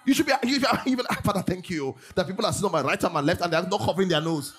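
A man's voice: high-pitched, expressive, racing, fairly bright tone, a little hiss or hum. A middle-aged man preaching a sermon as pastor, acting out congregants' voices and laughing often.

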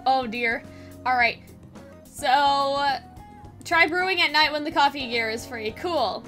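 A woman's voice: high-pitched, measured pace, a bit bright. A young woman giving casual let's-play commentary, chatty and swearing freely, with faint game music behind. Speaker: game streamer.

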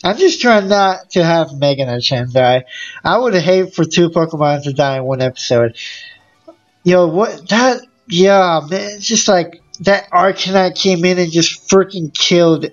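A gaming YouTuber giving casual let's-play commentary, excitable and full of exclamations and groans. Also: mid-range voice, unhurried, muffled recording.

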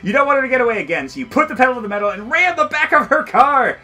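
A man's voice: very high-pitched, sing-song, rapid-fire, bright, forceful tone, faint music behind. A man playing through a solo board game, reading the story text aloud and joking between rolls, often laughing.

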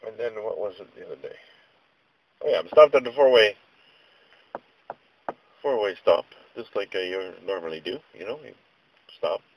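A man's voice: fairly low pitch, moderate pace, pauses often, poor audio. A man vlogging a casual rant, telling stories in a rambling, exasperated way with mild slang.

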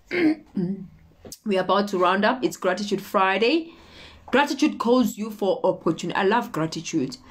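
A woman preaching a motivational sermon, repeating her points and checking in with her listeners. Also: on the low side. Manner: repetitive, exhorting, often checking in with "okay?".

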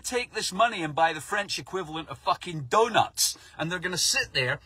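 A man's voice: high voice, animated, fairly quick, bright, forceful tone, slightly rough, no echo. A middle-aged man delivering a sweary, sarcastic comic rant about the news. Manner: sarcastic, mocking, swears a lot.

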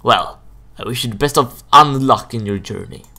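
A man's voice: medium pitch, moderate pace, bright, forceful tone, slight background noise. A young man voicing a mocking villainous mountain boss who taunts the player, in a gaming video. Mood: taunting.

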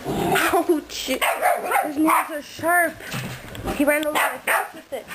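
High-voiced woman coaxing her puppy. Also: takes it slowly. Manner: playful, coaxing pet talk. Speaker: dog owner filming her puppy. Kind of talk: casual home video, chatting to a pet. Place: living room at home, indoors. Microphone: handheld camera. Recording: noisy amateur home video.

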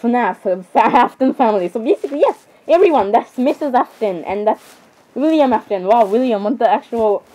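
A woman's voice: fairly high pitch, animated, moderate pace, dark tone, rough recording. Giggly young woman rambling, apologizing. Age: teens. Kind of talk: casual reaction commentary.

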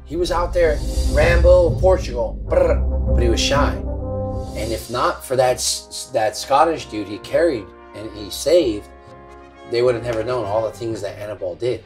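A man's voice: medium pitch, normal speed, music in the background. A tipsy man rambling through a comic history story, laughing and swearing as he goes. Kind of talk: tipsy comedic history retelling.

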